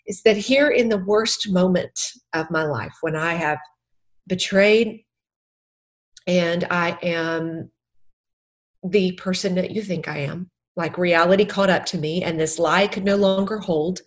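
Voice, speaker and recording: A woman's voice: lowish voice, measured pace. A middle-aged woman, a podcast guest who is an author and former counselor, speaking earnestly and tearfully about faith, stressing and repeating her key phrases.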